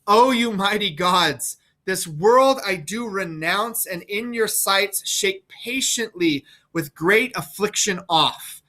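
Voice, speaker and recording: A man reading a despairing blind old man saying farewell to the world in Shakespearean verse. The pace is slow and solemn, and each line is given its weight. The tone stays bright and clear. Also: high-pitched, expressive, exaggerated voice.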